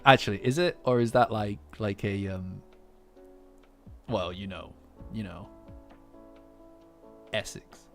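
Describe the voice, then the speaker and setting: A man's voice: fairly low pitch, slow, vocal fry, pauses often, fairly bright tone, faint music behind. A man hosting a live stream, chatting casually and teasing his viewers. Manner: playful, bantering with chat.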